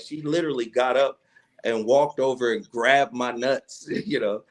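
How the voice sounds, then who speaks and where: A man from Tennessee, a radio personality, telling a story in a casual interview, animated, slangy and profane, acting out what people said. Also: medium pitch, measured pace. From Chattanooga, Tennessee, USA. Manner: animated storyteller who acts out quoted dialogue, with slangy profanity. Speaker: radio personality and podcast guest.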